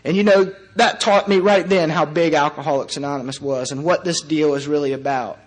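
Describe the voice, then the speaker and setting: A man in his thirties sharing his recovery story before a group, earnest and halting, with long pauses and wry, self-mocking humor. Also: fairly high pitch, steady tone. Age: 30s. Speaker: recovery meeting speaker. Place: meeting room before a live audience.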